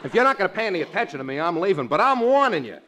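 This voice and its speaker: Frankie, a wisecracking sidekick. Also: male voice, sits high, very animated, racing, very noisy. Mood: cocky. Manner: cocky, needling, jokey. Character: wisecracking brash male sidekick, a loafing secretary. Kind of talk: 1940s radio comedy acting. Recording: old radio broadcast.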